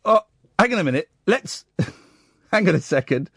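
A man's voice: high-pitched, very animated, normal speed, vocal fry, a bit bright, breathy edge, dry recording, studio quality. A man hosting a late-night radio phone-in, wry and teasing. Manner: wry, teasing, self-mocking. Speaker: radio host. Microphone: studio mic.

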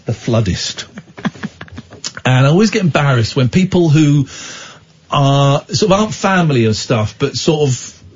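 A man with an English accent hosting a late-night radio chat show, animated and self-mocking, often breaking into giggles. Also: on the high side, measured pace, slightly rough, lo-fi sound. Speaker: radio host.

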